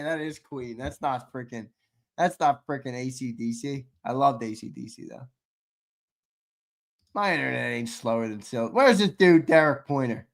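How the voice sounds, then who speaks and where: A man co-hosting a live sports stream, running a giveaway shuffle, reading viewer chat and shouting out winners, swearing casually. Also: mid-range voice. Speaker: sports show co-host.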